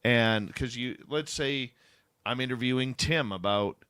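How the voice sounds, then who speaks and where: Male radio host, bright close dry sound, chatty and informal, upbeat promo reads. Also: medium pitch, a little slow, clear, resonant tone, no echo. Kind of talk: casual radio chat and show promos.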